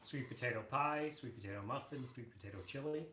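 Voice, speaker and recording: A man co-hosting a casual cooking livestream in a small home kitchen, relaxed and jokey as he talks. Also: mid-range voice, fast talker. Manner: jokey, laid-back. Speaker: cooking co-host. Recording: roomy kitchen with background noise.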